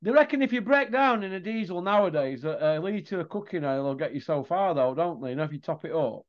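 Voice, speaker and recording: A man's voice: fairly high pitch, animated, fast. A man hosting casual banter, chatty and teasing. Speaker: host. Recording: dull lo-fi sound.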